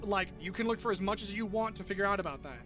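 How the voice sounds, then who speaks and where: High-voiced man in heated stream chat. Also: fast talker, music in the background. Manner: heated and profane. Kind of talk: casual live-stream chat.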